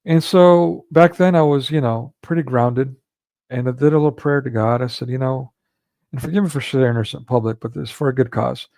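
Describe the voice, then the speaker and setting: A livestream host tells a long, wandering story in casual chat, restarting often and filling gaps with fillers. His voice is medium-pitched, creaky, and darkish, delivered briskly with no room sound.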